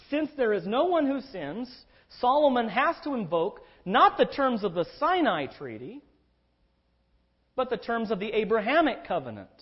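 A man preaching an expository sermon, emphatic and animated, drawing out key words for stress. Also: sits high, breathy edge. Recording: dull lo-fi recording.

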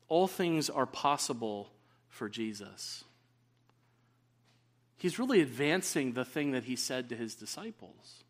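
Earnest male preacher. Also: medium pitch. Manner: earnest, rising to emphatic stresses. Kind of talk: sermon.

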